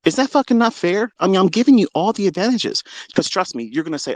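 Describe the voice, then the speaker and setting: A man hosting a live audio stream, delivering a heated, profane and boastful rant that swings between loud outbursts and low muttering. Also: lively intonation, fast talker, hardly any pauses, dry recording. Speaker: trading educator and Twitter Space host.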